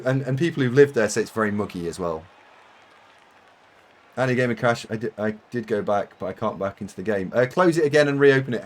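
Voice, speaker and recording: A British man chatting casually to his viewers while streaming a game, rambling and self-mocking with frequent laughs. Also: on the low side. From United Kingdom. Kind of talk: live-stream chat while gaming.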